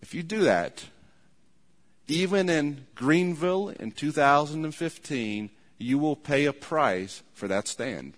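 A man's voice: a little high, expressive, takes it slowly. A man preaching a sermon, earnest and repetitive, acting out imagined people as he goes. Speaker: pastor. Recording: long hall reverb.

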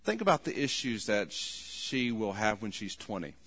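A man's voice: on the low side, sing-song, moderate pace, slightly rough. Earnest preaching man in a reverberant hall. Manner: earnest, rises to loud pleading when quoting. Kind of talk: sermon.

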